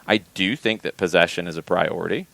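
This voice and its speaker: A notably low male voice, creaky, pushed and bright, goes over soccer topics for a casual podcast. He speaks deliberately and restarts phrases as he thinks, captured in a dry, close recording without any room echo.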